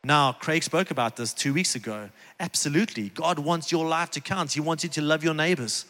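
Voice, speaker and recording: A man delivers a sermon in a fairly high, bright and forceful voice, earnest and conversational, repeating key phrases for emphasis. His words ring out with the long reverb of a large church hall. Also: brisk. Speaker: preacher. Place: church sanctuary, on stage.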